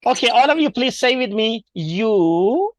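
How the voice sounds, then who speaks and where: A man's voice: extremely high pitch, a little fast, a crowd in the background. A man with a Pakistani English accent, teaching pronunciation in an online workshop and drilling words for the class to repeat. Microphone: video call.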